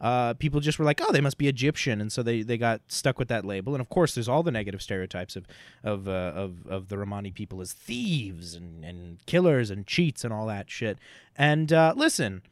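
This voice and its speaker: A man co-hosting a casual podcast chat, talking in an animated, sarcastic way with frequent swearing. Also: on the low side, moderate pace, no room sound. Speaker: podcast co-host.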